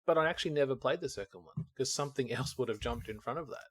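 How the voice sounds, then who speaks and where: A man's voice: mid-range voice, fast talker, fairly bright tone, dry recording. A man co-hosting a podcast, rambling casually and acting out his own thoughts as he talks. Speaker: podcast co-host. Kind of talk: casual chat.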